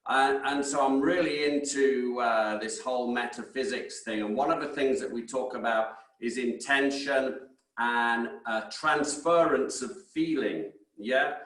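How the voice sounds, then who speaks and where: A man's voice: mid-range voice, a little slow, a bit bright, echoey room, recorded from a distance. A man hosting an interview, chatty and often ending his points with a questioning "yeah?". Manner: chatty, frequent tag "yeah?". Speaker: podcast host. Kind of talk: interview conversation.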